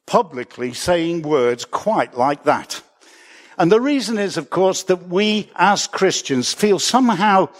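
Man, pastor, sermon, earnest and reflective, slightly high voice, self-correcting. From Britain.

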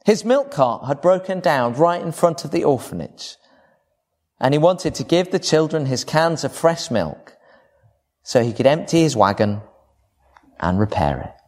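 A man preaching a sermon to a congregation, with expressive, varied emphasis. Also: a little high, measured pace.

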